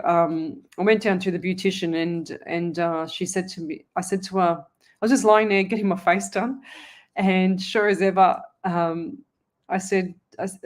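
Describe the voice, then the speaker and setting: A middle-aged woman, a psychic radio host telling a long personal story in a rambling, casual way with many restarts. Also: mid-range voice. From Australia.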